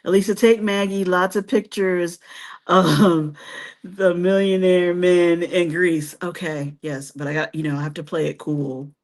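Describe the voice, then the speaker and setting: Woman, live-stream host, casual chat with viewers, laughs a lot, rather low voice, very slow delivery. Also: fairly even intonation. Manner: chatty, laughs often, self-teasing. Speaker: host of a cruise travel channel.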